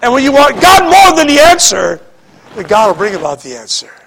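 A pastor preaching a sermon, repeating words and swinging between shouting and hushed speech. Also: male voice, very high voice, huge pitch swings, fairly quick, gravelly.

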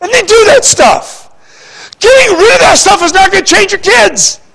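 A pastor preaching a sermon, repeating words and swinging between shouting and hushed speech. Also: male voice, extremely high pitch, sing-song, normal speed, gravelly.

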